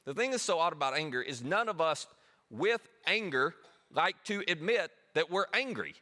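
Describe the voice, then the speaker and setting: Conversational male pastor, higher voice. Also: expressive, moderate pace, sharp tone. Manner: conversational, self-deprecating. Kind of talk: sermon.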